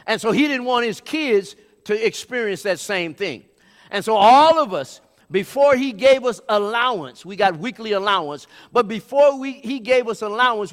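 Male preacher, high-pitched storyteller who rises to shouts; long hall reverb. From California, USA. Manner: storytelling, builds to shouted climaxes. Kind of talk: sermon.

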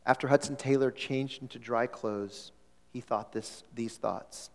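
A man's voice: medium pitch, fairly even intonation, measured pace, vocal fry, darkish tone. A male pastor telling a story in a sermon, with a conversational delivery that repeats words and asks the congregation questions. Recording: long hall reverb.

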